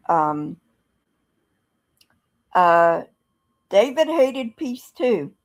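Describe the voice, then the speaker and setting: Lady podcaster talking real slow with lots of ums, kinda low voice, blunt and snarky. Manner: slow, halting, many ums, blunt and sardonic. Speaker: podcast host. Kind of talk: casual commentary reading scripture aloud. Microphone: streaming setup mic.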